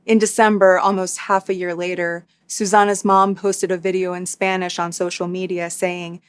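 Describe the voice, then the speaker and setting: A woman hosting a true crime recap, reading a scripted narration in a steady, matter-of-fact way with dry asides. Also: lowish voice, moderate pace, clean tone. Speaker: true crime YouTuber host.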